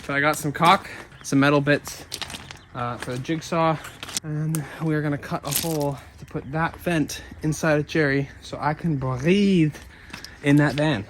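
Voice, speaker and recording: A man's voice: a little high, measured pace, background noise. A man vlogging casually while working on his van, joking and talking to himself as he goes. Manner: excitable, joking, talks to himself as he works.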